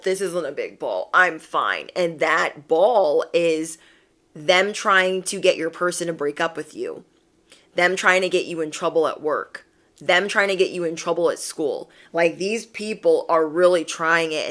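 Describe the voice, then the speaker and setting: A woman's voice: fairly low pitch, fairly bright tone. A young adult woman giving a casual, encouraging tarot reading to camera, emphatic and repeating phrases. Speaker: tarot reader.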